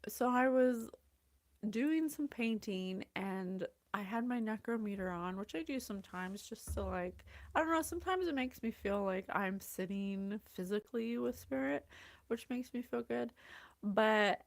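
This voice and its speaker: Unhurried high-voiced woman psychic host. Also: animated, no echo. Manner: effusive, gushing, chatty, greets viewers by name. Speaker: psychic reader and show host. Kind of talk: casual livestream channeling talk.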